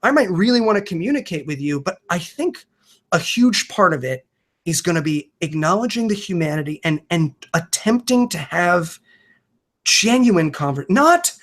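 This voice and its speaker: High-voiced, earnest man in casual talk. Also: animated, normal speed, fairly bright tone. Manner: earnest and emphatic, swears freely, frequent restarts. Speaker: podcaster and comedian, guest.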